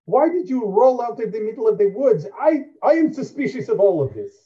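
A man's voice: very high voice, big pitch swings, fairly quick, mellow, dull audio. A man voicing a big, toothy male creature who talks in a stiff, formal, suspicious way. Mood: wary. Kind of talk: tabletop role-play.

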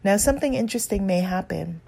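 Self-help coach, woman, warm dark tone with vocal fry, earnest and encouraging. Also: medium pitch, lively intonation, fast talker. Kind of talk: guided self-help talk.

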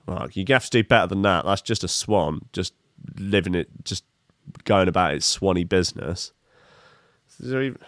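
A man's voice: fairly low pitch, a bit bright, no echo, studio quality. Sarcastic man riffing on a clip. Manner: sarcastic, profane, rambling. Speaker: commentator. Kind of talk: comic reaction commentary.

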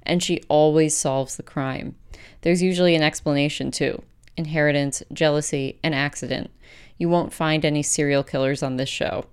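A woman podcast host reading her own essay aloud and then chatting about it, with a measured, gentle delivery. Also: low voice, clean tone.

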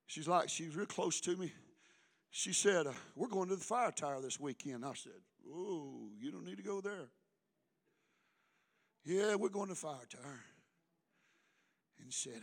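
A middle-aged pastor delivers a sermon, swinging between loud calls and hushed asides. His voice sits a little high.

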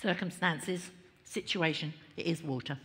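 A woman's voice: sits low, a little slow. Woman preaching in a reverberant hall. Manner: lively, conversational preaching with laughs and asides. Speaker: pastor. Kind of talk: sermon. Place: large church hall.

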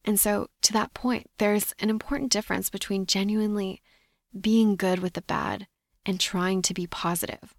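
Woman, solo podcast host, reflective coaching talk, mid-pitched voice, dry close sound. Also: fairly even intonation, normal speed, gravelly, no room sound.

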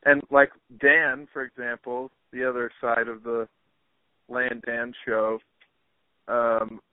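A man's voice: mid-range voice, level tone, slow, dry recording. A man hosting a podcast, chatting casually with many fillers. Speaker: podcast host. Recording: dry, phone-like narrow sound.

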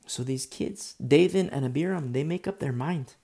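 Mellow-voiced man preaching with passion. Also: a little high, normal speed, creaky. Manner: impassioned, repetitive, with many restarts and asides. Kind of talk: sermon.

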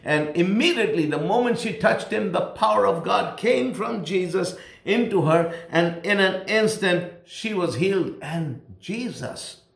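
A man's voice: sits high, animated, measured pace, creaky, fairly bright tone, echoey room. A man preaching a sermon with emphasis, repeating key phrases for stress.

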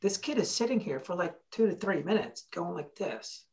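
In a podcast conversation, a motivational speaker tells stories in a blunt, animated way, swearing casually and playing both sides of the conversations he recounts. The voice is mid-range at a normal speed.

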